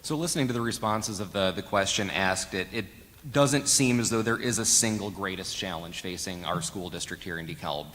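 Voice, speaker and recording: A man with a very low voice speaks as a school board candidate, weighing his words and then pressing his points through repetition. His voice carries a long reverb from a large hall. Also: fairly bright tone, a little hiss or hum. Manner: measured, emphatic with repeated phrases. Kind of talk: forum answer.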